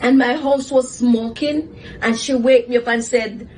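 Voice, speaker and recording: A woman hosting a talk show, telling a personal story in a casual, animated way and giving life advice. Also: a little high, unhurried, a little hiss or hum, rough recording. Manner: animated, laughs often while telling a story. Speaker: host, psychotherapist.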